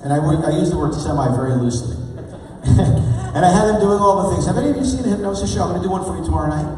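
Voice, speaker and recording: A male motivational speaker and stage hypnotist giving an energetic, playful keynote talk, drawing the crowd in with questions. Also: high voice, rapid-fire. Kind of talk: keynote talk to a live audience. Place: large event hall. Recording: echoey hall, voice from far off.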